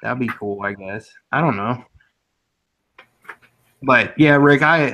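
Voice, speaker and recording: A man's voice: medium pitch, slow pace, pushed and bright. A man from the Philadelphia area hosting a casual chat, rambling and chatty, often breaking into laughs.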